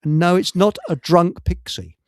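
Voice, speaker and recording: A man with a Hertfordshire accent chats loosely as a radio host, full of ums, restarts and cheeky jokes. His voice is gravelly and comes through dry and close, with no room sound. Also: high voice, normal speed, no room sound. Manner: rambling, jokey, lots of fillers and restarts. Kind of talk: casual live radio chat.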